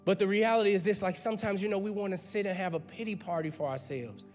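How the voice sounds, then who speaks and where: A man's voice: sits high, fast talker, darkish tone, faint music behind. Emphatic preacher man, hall reverb. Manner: emphatic, conversational preaching with repeated words. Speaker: pastor. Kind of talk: sermon. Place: church sanctuary.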